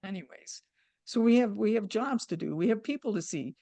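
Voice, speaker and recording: A woman's voice: mid-range voice, expressive, gravelly, warm tone, no echo. A woman hosting an interview, talking candidly with blunt humor in a casual conversation. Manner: candid, talks in quick bursts with blunt humor. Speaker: podcast host.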